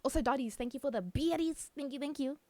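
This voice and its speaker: Girl streamer reading chat out loud, kinda high voice, super dry mic, laughs a lot. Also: fast talker, no room sound. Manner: chatty, reads chat aloud, laughs often. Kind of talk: casual livestream chat.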